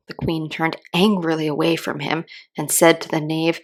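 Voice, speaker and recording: A woman calmly reading a children's story aloud in a slow, gentle, soothing way. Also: lowish voice. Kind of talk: calm read-aloud storytelling.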